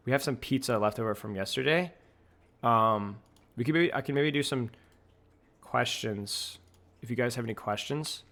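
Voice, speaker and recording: A young adult man streaming from home at a desk mic, breaking down match plays in quick analytical commentary, then chatting with viewers in a relaxed way. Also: a little high. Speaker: streamer and coach. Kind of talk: casual match analysis and chat. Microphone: desk microphone.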